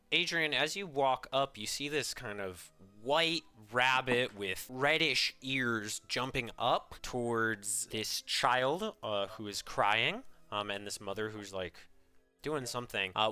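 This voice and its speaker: A man running a tabletop game as game master, chatty and animated, with many fillers. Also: medium pitch, clean tone, no room sound.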